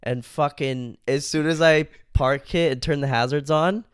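A man's voice: a little high, steady tone, unhurried, smooth, no echo, studio quality. Laughing, profane young man. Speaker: podcast co-host. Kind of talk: casual chat.

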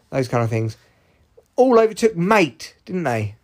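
His voice is fairly high and swings widely in pitch, and he takes his time. He's a man in his forties hosting a solo podcast, rambling in a casual monologue, self-deprecating and swearing freely.

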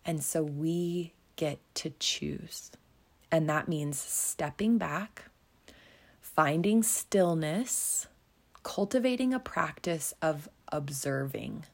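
Woman podcast host, slow calm self-help talk, gravelly lowish voice, goes whispery sometimes. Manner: slow, soothing and encouraging, dropping to a whisper at times.

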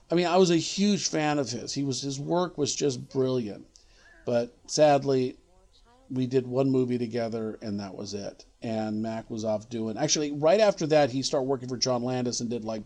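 A man's voice: mid-range voice, darkish tone. A middle-aged man, a line producer, telling an anecdote in an interview, rambling and restarting as he searches for words.

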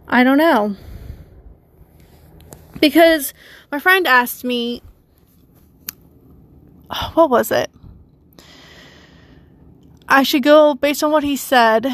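A person with a feminine voice hosting a confessional solo podcast, talking haltingly with many restarts and addressing listeners directly. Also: female voice, fairly high pitch, no room sound. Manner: conflicted, rambling, talks to listeners. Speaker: podcast host.

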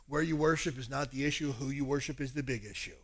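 A man voicing Jesus in a sermon retelling, calm, knowing and gently teasing. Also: medium pitch, a little fast, breathy edge.

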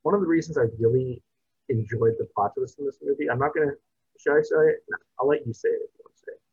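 A man's voice: medium pitch, quick pace, a little mellow, slightly rough, no echo. A man co-hosting a casual movie review podcast, rambling with restarts. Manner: rambling, restarts, drops into a mumble at ends. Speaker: podcast co-host. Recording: dull, dry podcast mic.

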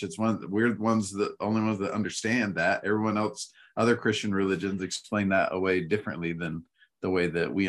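Man, low voice, seminary teacher, casual chat, rambling, restarts. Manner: relaxed, rambling with fillers and restarts.

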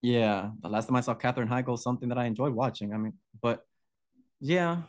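A man's voice: medium pitch, brisk. A male podcast co-host chatting about horror films, effusive and gushing, often breaking off mid-sentence.

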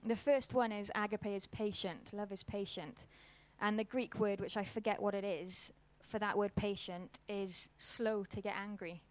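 A woman's voice: mid-range voice, steady tone, normal speed, hardly any pauses. A woman, giving an informal church talk and telling a personal story in a casual, conversational way. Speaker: church speaker.

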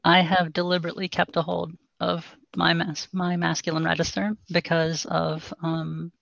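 Gravelly-voiced woman voice coach, dry and dull. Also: lowish voice, no room sound. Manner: calm, instructive, measured explanations. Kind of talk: podcast interview, explaining voice training.

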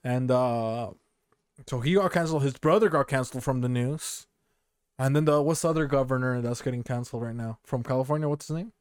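A man's voice: mid-range voice, fairly quick, smooth, no echo. Rambling podcast guy, dry close sound. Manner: rambling, says "you know what I mean" constantly. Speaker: podcast co-host. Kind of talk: casual banter.

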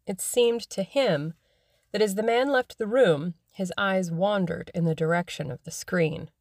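A woman narrating a classic novel in a measured, even way, as scripted audiobook narration. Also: mid-range voice, dry recording, studio quality.

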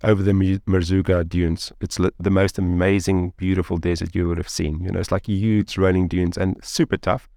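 A man in his thirties recounts a story as an interview guest, filling his sentences with "like" and "you know". His voice sits low with a gravelly edge, and the sound is dry and close. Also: normal speed, hardly any pauses, dry recording. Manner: animated, rambling with many fillers like "like" and "you know".

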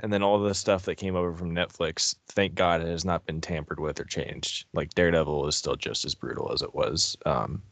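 Lowish-voiced guy, dry recording, easygoing podcast co-host. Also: fairly bright tone, no room sound. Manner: easygoing, chatty, laughs often. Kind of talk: casual chat.

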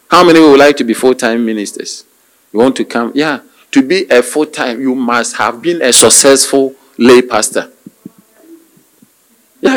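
A male pastor preaching a sermon, calling out hallelujahs and amens, with hesitant restarts and slow, drawn-out emphasis. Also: mid-range voice, rough recording. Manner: call-and-response preaching with frequent hallelujahs.

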